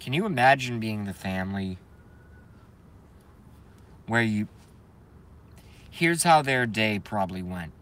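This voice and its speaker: A man's voice: fairly low pitch, lively intonation, slow pace, pauses often, a bit bright. A man hosting a live stream, ranting heatedly and emphatically and repeating his phrases for effect. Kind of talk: impassioned live-stream rant.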